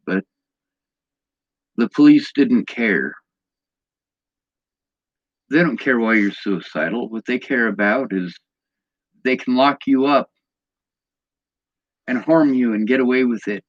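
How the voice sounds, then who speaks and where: A man's voice: mid-range voice, expressive, slow, pauses often, dry recording, lo-fi sound. A man in an angry personal vlog rant, bitter and agitated, swearing often.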